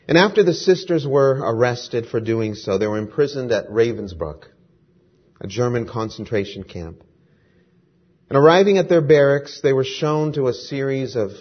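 A man's voice: medium pitch, husky, muffled recording. A male pastor praying and then telling a story earnestly during a sermon.

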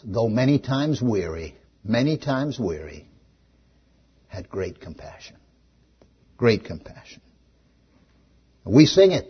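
A man preaching a sermon as pastor, animated, swinging between loud emphasis and hushed questions. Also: fairly low pitch, husky, lo-fi sound.

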